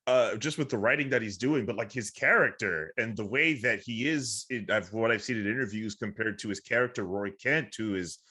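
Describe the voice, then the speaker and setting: A man's voice: on the low side, brisk, few pauses, pushed and bright, slightly rough. Man, podcast host, loose and rambling, drops the odd swear. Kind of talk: casual interview chat.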